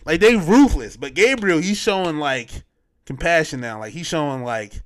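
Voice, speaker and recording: A man's voice: on the high side, expressive, normal speed. A man hosting a podcast, recapping a film in loose, slangy casual chat, full of fillers and restarts. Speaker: podcast host.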